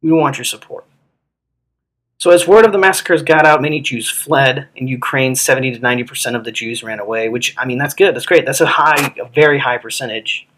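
A man's voice: mid-range voice, fast, few pauses, bright, forceful tone, poor audio. Blunt, profane man hosting a podcast. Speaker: podcast co-host. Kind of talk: casual history podcast chat.

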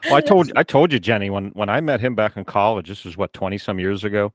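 A middle-aged man hosting a casual chat, relaxed and teasing as he tells a story. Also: on the low side, fast talker, no room sound.

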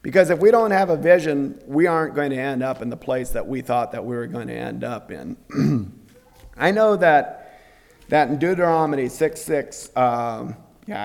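Guy giving a homey sermon, earnest, keeps clearing his throat, big echoey hall. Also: mid-range voice, a little mellow. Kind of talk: devotional sermon. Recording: long reverb of a hall.

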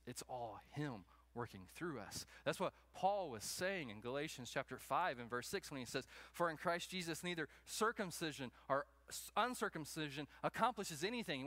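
High, bright-voiced animated preacher man. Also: normal speed, hardly any pauses, dry recording. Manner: animated preacher, acts out dialogue in raised voices. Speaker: pastor. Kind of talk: sermon.

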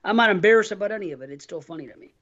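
A man's voice: sits high, lively intonation, very fast, fairly bright tone. A man co-hosting a podcast, talking bluntly and emphatically in casual chat, with plenty of swearing. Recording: muffled lo-fi mic.

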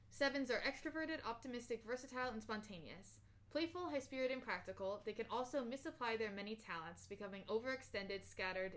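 A woman's voice: a little high, a bit bright. A young woman co-hosting a podcast, chatting casually and reading personality test results aloud. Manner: reads aloud with fillers and restarts, laughs easily. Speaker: podcast co-host.

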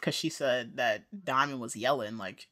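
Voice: mid-range voice, moderate pace, pushed and bright. A podcast co-host in casual chat, recapping a TV episode with wry remarks and acted-out quotes.

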